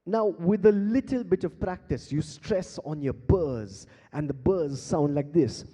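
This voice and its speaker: His voice is a little high, animated yet unhurried, warm and slightly rough. He's a man with an Indian English accent acting as emcee and beatboxer at a live conference, playfully getting the audience involved. He's on a large hall stage with a handheld mic, and the room adds long reverb.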